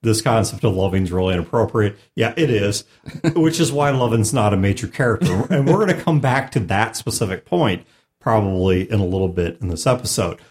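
A man's voice: lowish voice, expressive, brisk, darkish tone. A man who is a game master and podcast host, explaining a tabletop game in casual chat with a wry manner and frequent laughter.

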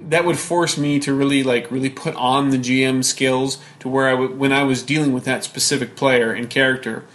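A man's voice: mid-range voice, steady tone, brisk, a bit bright. A man on a gaming podcast, talking in a hesitant, reflective way with many restarts. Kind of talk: casual chat.

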